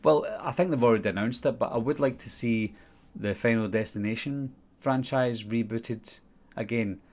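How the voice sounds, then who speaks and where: A man's voice: mid-range voice, moderate pace, darkish tone. Glaswegian man answering live questions. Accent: Glaswegian Scottish. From Scotland. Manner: casual, rambling, filler-heavy. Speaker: channel host. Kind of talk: live-stream Q&A, reading viewer questions.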